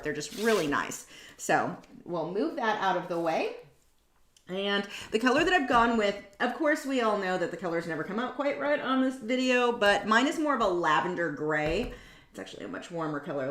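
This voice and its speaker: A woman's voice: mid-range voice, fairly bright tone. A woman hosting a live painting demo, chatting in a rambling, self-mocking way with many tangents. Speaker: artist hosting a painting livestream. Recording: roomy echo.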